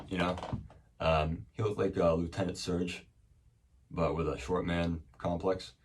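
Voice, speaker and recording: A man's voice: sits low, steady tone, moderate pace, recorded from a distance, heavy background noise. A man telling a casual story as a podcast host, rambling and profane, with many fillers and restarts.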